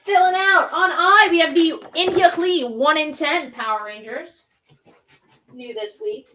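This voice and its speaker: A woman hosts a live comic sales stream from a comic shop. Her voice sits high and sounds bright and forward. She runs through items and prices briskly and chats easily between them. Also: a little hiss or hum. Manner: brisk, chatty item rundown.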